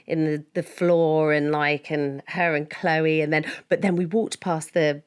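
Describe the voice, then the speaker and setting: A woman's voice: low-pitched, fairly even intonation, measured pace, hardly any pauses, smooth. A woman co-hosting a podcast, chatting casually, laughing often and restarting her sentences. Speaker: podcast co-host. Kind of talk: casual chat.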